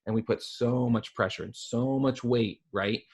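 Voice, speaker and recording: A man's voice: mid-range voice, moderate pace, a little mellow, slightly rough. A man guesting on a podcast, talking casually and earnestly, building his points through repetition. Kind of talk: casual conversational chat.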